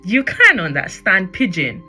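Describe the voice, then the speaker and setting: A woman's voice: wildly swooping pitch, a little slow, pushed and bright, husky, soft background music. A young Nigerian woman with a Nigerian accent, chatting on her own podcast and slipping into Pidgin as she acts out what people said. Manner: chatty, switching into Pidgin, acting out quotes in a high voice. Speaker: podcast host. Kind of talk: personal podcast monologue.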